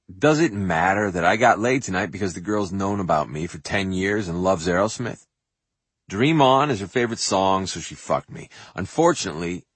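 A man with a deep, raspy voice reads his own memoir as an audiobook, full of swagger and cursing. His delivery swings widely up and down as he acts out bits of dialogue. The sound is close and bone-dry, like a vocal booth. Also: dry recording. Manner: animated and profane, acts out quotes and sings snippets. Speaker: memoir narrator.

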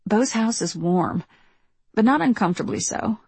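A woman narrating a first-person audiobook in a measured, reflective way, recorded close on a studio mic. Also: mid-range voice, animated, gravelly, a little mellow, breathy edge, no echo.

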